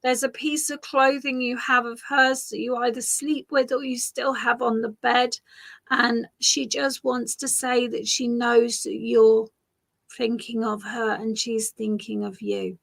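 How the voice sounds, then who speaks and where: Woman, psychic reader, bright forward tone, gentle reassuring delivery, soft repeats. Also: on the high side, flat delivery, measured pace, gravelly. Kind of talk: live psychic reading.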